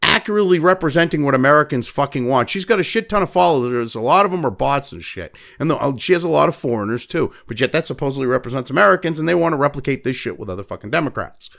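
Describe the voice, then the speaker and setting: A man's voice: medium pitch, lively intonation, fast, vocal fry, few pauses, fairly bright tone. A man hosting political commentary, ranting angrily with constant profanity and mockery. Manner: angry, profane, mocking.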